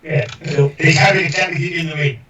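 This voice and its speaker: A man's voice: a little high, fairly even intonation, brisk, a crowd in the background. A man chatting playfully as a player in a tabletop game. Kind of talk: casual tabletop chat. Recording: dull, echoey, distant mic.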